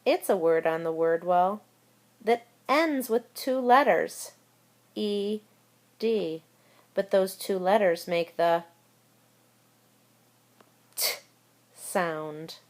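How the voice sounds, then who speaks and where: Taking it slowly at medium pitch, a woman teaches young children spelling in a recorded lesson. The elementary school teacher talks through each word and spells it out letter by letter.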